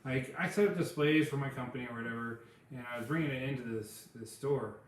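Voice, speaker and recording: A man's voice: medium pitch, fast, a little hiss or hum. Rambling man in a very echoey room. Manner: rambling storytelling with many fillers. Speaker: podcast co-host. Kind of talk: casual chat.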